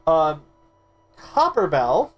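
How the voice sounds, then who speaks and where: A man's voice: a little high, huge pitch swings, extremely slow, soft background music. A man streaming a game, chatting casually and animatedly, stammering and swearing now and then.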